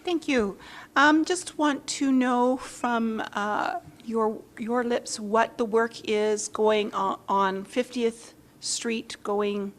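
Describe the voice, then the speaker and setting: A woman's voice: on the high side, steady tone, takes it slowly. A woman councillor asking a hesitant, curious question at a council meeting.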